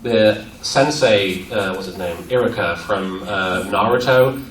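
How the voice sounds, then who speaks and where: A man answering fan questions at a convention panel, animated and playful, laughing often. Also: fairly low pitch, moderate pace, hardly any pauses. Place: convention room at a university. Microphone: audience camera from far off. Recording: echoey room, far off, crowd around.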